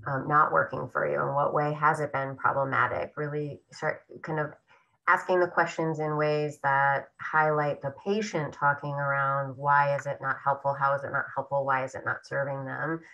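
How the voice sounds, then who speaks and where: Low-voiced woman clinician on a video call. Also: flat delivery, vocal fry. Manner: warm, affirming, measured explanation. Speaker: presenting clinician. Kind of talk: clinical teaching discussion. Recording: dull lo-fi video-call audio.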